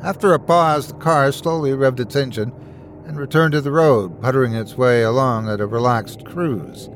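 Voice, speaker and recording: Guy reading a scary story, steady and suspenseful, mid-pitched voice. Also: normal speed, slight background noise. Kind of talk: scripted horror narration.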